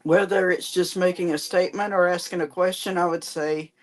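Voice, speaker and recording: Woman, casual chat guest, patient step-by-step explainer, slightly low voice. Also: fairly even intonation, moderate pace.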